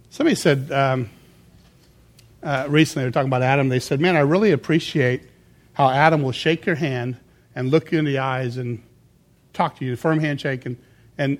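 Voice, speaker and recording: A middle-aged man preaching a sermon as a pastor, telling stories and acting out quotes in a raised, lively voice. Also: medium pitch. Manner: animated storytelling, acts out quotes in a raised voice.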